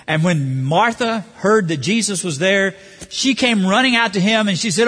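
A high-voiced man preaches a sermon with a husky edge, animated and acting out the voices of the people he quotes. His voice rings with the long reverb of a big hall. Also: normal speed. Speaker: pastor.

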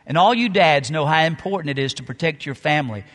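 A middle-aged male pastor preaching a sermon, telling stories with dramatic pauses and swings between loud and soft. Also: on the high side, animated. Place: church sanctuary. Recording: long reverb of a large hall.

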